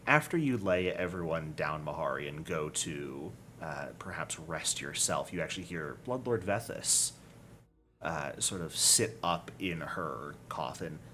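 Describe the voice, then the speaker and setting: A man running a tabletop game as game master, narrating in a relaxed, descriptive way. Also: very deep voice, unhurried, a little hiss or hum.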